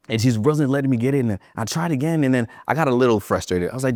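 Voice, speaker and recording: A man's voice: mid-range voice, animated, fairly quick, long pauses, darkish tone, no room sound, clean studio sound. A man giving a motivational keynote to educators, emphatic and repeating phrases for effect, telling personal stories with humor.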